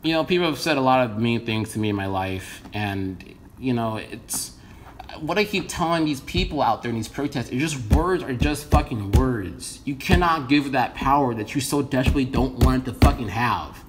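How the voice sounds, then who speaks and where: A man from the United States talks straight to his viewers in a loose, rambling rant. He is blunt and profane, and his voice sits at an ordinary middle pitch. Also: animated, normal speed, background noise. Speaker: vlogger. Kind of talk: casual opinion rant to camera.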